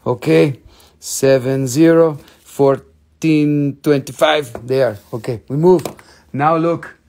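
A man's voice: on the high side, slow, gravelly, a little mellow. A man voicing a jokey, haggling gem dealer who speaks in broken English with teasing sales patter. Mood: playful haggling.

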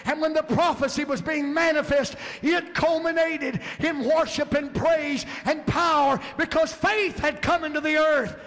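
Fervent high-voiced gravelly male preacher. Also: fairly even intonation, a little slow, few pauses. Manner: fervent, builds to emphatic shouts. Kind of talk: sermon. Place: church sanctuary. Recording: long church hall reverb.

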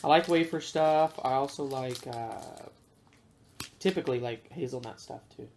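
A man casually reviewing snacks with his kids in a relaxed, chatty way, with plenty of fillers. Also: medium pitch, normal speed, a little hiss or hum.

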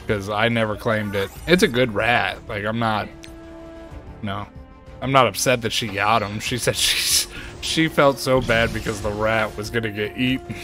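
A man streaming a game and chatting casually, ranting in an animated way and jumping to high exclaims. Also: moderate pace, soft background music. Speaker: gaming streamer. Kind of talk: casual chat while playing a game.

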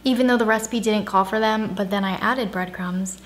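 A woman's voice: medium pitch, fairly even intonation, moderate pace, roomy sound. A young adult woman hosting a casual home cooking vlog, sarcastic and self-mocking as she talks through the recipe. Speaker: cooking vlogger. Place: home kitchen.

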